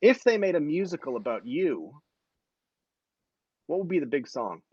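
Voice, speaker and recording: Joking, animated male live-stream host. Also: a little high, moderate pace, breathy edge, no room sound, dull audio. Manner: rambling, self-correcting, joking. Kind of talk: casual live-stream chat.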